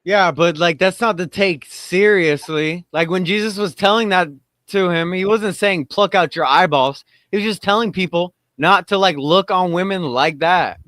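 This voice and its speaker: A man's voice: sits high, moderate pace, a bit bright, dry recording, clean studio sound. A man from Florida hosting a livestream panel, talking religion in a rambling, self-deprecating way and swearing. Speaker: host. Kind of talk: casual religious debate on a livestream.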